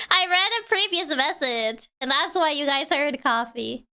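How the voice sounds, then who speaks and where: A woman's voice: high-pitched, lively intonation, measured pace, pushed and bright. A woman streaming a game, chatting playfully with her viewers and laughing often. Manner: giggly, playful, chats with viewers. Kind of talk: casual chat while playing a game.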